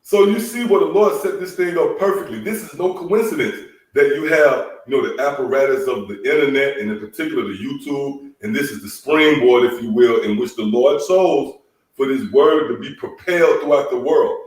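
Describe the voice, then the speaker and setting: A man's voice: mid-range voice, normal speed. A man leading a scripture lesson in a preaching style, emphatic and repeatedly calling out "man" and "come on.". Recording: echoey room, voice from a distance.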